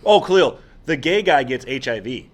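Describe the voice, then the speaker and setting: A man's voice: mid-range voice, normal speed. Amused man explaining a comic. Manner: animated, amused, incredulous storytelling. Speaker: podcast co-host. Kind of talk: casual chat explaining comics.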